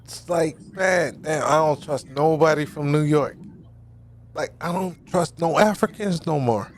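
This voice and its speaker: A man's voice: a little high, measured pace, a little hiss or hum. A man in loose podcast banter, teasing and calling on the others by name.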